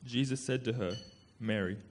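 A man narrating scripture aloud to a church in a measured, solemn way. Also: mid-range voice, darkish tone. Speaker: scripture reader. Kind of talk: dramatic scripture reading.

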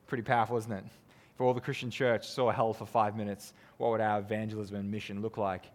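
A man preaching a sermon, earnest and conversational, who keeps asking his listeners tag questions and swings from emphatic peaks down to low, quiet lines. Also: little pitch movement, fast talker. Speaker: pastor. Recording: long reverb of a hall.

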